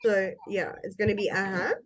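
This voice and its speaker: A woman's voice: mid-range voice, fairly even intonation, dull audio. A woman teaching English one-on-one, speaking patiently and modeling intonation for her student. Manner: slow, patient, demonstrates intonation. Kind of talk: one-on-one language lesson.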